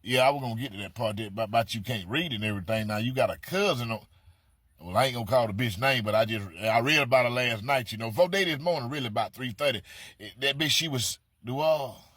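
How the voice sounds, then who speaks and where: A man's voice: medium pitch, fast, a bit bright, husky, dry recording, clean studio sound. A middle-aged man, delivering a profane, mocking comedic monologue full of repetition. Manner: brash, mocking, heavy on repetition and cursing. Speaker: comedic storyteller. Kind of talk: profane comedic monologue addressed to an absent person.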